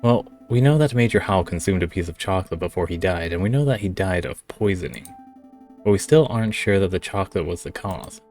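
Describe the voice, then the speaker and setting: A man's voice: deep voice, animated, brisk, darkish tone, soft background music. Man reading a reckless oddball sidekick, rambling and pleased with himself. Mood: scheming. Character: eccentric male sidekick, reckless. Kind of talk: reading game dialogue aloud.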